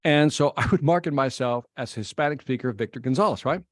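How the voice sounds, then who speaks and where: A middle-aged man from Chicago, a guest telling an animated story in an interview and acting out the exchanges he quotes. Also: medium pitch, a little fast, no echo, clean studio sound. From Chicago, United States. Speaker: guest speaker.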